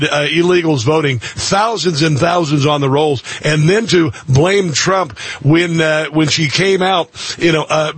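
A man's voice: on the high side, slightly rough, no room sound. A man hosting political talk radio, rambling with lots of fillers and restarts. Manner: animated, rambling with many fillers. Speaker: radio show host.

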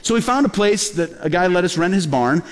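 Guy pastor preaching, pretty high voice, big echoey church hall, tells stories and does little voices for people. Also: a little fast. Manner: lively storyteller who acts out quoted voices. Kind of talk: storytelling sermon. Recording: long hall reverb.

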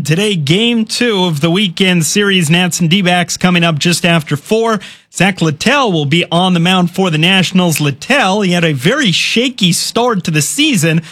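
A male sports reporter giving a brisk, informal radio sports update. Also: sits high, a bit bright. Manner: brisk, informal news delivery.

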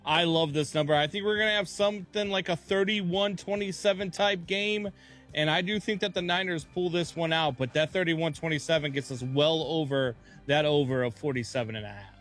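A man's voice: fairly high pitch, brisk, a bit bright. A man working as a producer, confidently giving his pick for the game. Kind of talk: casual sports betting talk.

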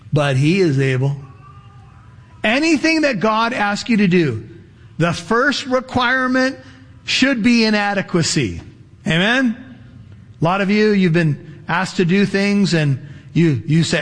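A man's voice: high-pitched, takes it slowly, long pauses. A male pastor preaching a sermon, telling stories with chuckles and asides to the congregation. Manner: lively storytelling with chuckles and audience asides. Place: church sanctuary. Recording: echoey church hall.

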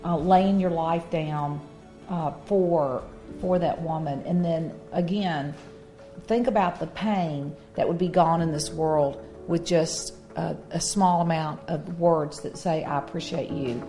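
Woman co-host, earnest and halting, slightly low voice, light music underneath. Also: fairly even intonation, mellow. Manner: earnest, with frequent fillers and restarts. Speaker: co-host of a Christian marriage talk. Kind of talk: casual faith-based chat.

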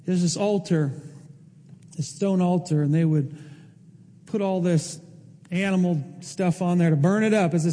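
High-voiced man preaching in a hall. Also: warm tone. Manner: emotional, emphatic preaching with rising intensity. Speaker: pastor. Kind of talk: sermon.

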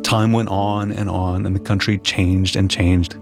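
A low-voiced man with a gravelly edge to his talk, co-hosting a podcast. He asks curious questions and slips into narrated passages that build long lists, with music playing clearly underneath. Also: little pitch movement, unhurried. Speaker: podcast co-host. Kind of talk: casual chat with scripted narration.

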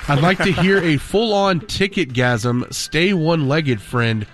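A somewhat high male voice running a sports radio show, joking his way through listener requests and a birthday list. Faint music plays underneath. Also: a little slow, a bit bright. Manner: reading listener messages and birthdays with jokes. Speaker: radio host.

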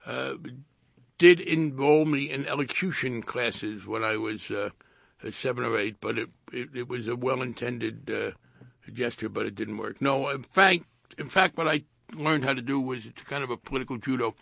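Gravelly older man with a Jersey accent. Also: medium pitch, sharp tone, dry recording. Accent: New Jersey. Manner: halting, repeats words, dry wit. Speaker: retired congressman. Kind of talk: radio interview.

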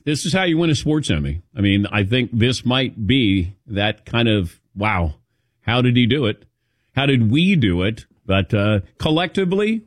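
A man's voice: mid-range voice, dry recording, clean studio sound. A man in his sixties hosting a sports radio show, telling a self-mocking story and acting out the people in it. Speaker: sports talk show host. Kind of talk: casual radio show chat. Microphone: studio microphone.

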